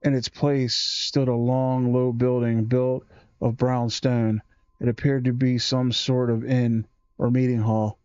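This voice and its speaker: A man reading a children's horror book aloud, slow and measured with small self-corrections. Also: mid-range voice, flat delivery, darkish tone, clear, resonant tone, dry recording, lo-fi sound.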